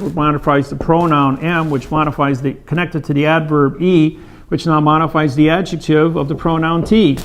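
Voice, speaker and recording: Rambling man telling a story, slightly high voice. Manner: loose, repetitive, restarting phrases; acts out quoted voices louder and faster. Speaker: speaker telling a personal courtroom story.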